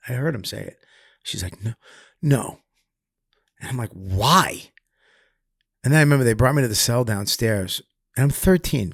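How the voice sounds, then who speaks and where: A middle-aged man, a comedian guest telling rough stories, swearing and loudly acting out what people said. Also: mid-range voice, moderate pace, long pauses, no room sound, clean studio sound. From Massachusetts, US. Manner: profane, animated, acts out quotes loudly. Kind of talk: candid storytelling interview.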